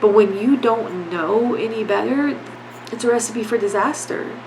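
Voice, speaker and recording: A woman's voice: fairly high pitch, normal speed, noisy background. A woman hosting a solo podcast, talking earnestly and bluntly about grief, urging listeners with repeated plain phrases and casual swearing. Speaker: podcast host.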